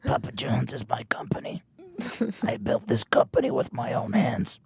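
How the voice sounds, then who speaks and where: Man doing a mafia boss, put-on italian accent, gravelly, halting, lively pitch. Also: whispered, heavily acted. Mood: indignant. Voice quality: gravelly, halting, repeating himself. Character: mock Italian mafia boss, wounded, demanding respect. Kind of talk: comedic impression on a podcast.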